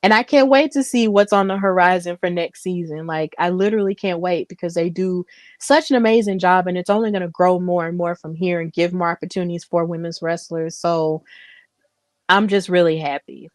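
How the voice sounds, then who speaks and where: A woman's voice: fairly low pitch, a little fast, no echo. A woman co-host talking casually and gratefully as she wraps up a wrestling talk show, close to tears. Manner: warm, grateful, near tears. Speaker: podcast co-host. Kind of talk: casual show wrap-up chat.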